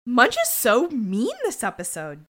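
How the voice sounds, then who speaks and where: Woman co-host, lively pitch, blunt and profane, casual recap. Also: unhurried, slight background noise. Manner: blunt, swears, acts out quotes. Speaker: podcast co-host. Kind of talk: casual chat recapping a TV episode.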